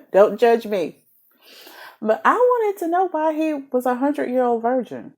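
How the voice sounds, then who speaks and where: Animated, giggly woman reviewing a book. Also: high-pitched, slow pace. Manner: animated, chatty, giggly, many fillers. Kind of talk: casual book review chat.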